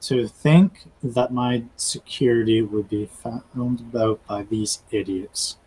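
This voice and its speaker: A man's voice: mid-range voice, takes it slowly, dark tone, husky, poor audio. A man voicing a contemptuous male horned devil who gives orders scornfully. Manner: scornful, commanding.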